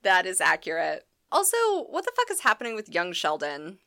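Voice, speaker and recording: A woman's voice: fairly low pitch, wildly swooping pitch, brisk, creaky, sharp tone, dry recording. A woman co-hosting a podcast, chatting sarcastically, swearing and laughing often. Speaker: podcast co-host. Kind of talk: sarcastic casual chat.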